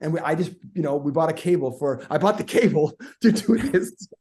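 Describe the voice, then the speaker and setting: A middle-aged man, a guest speaker, telling energetic stories in a podcast conversation and acting out the voices in them. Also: fairly high pitch, fast talker. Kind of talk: animated storytelling in a podcast conversation.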